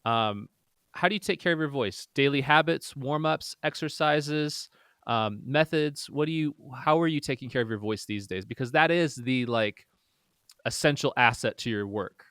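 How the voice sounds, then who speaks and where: A man's voice: mid-range voice, moderate pace, a bit bright, clear, resonant tone, no echo, clean studio sound. A man hosting a podcast, eagerly asking questions and stacking up follow-ups. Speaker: podcast host. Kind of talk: interview questions.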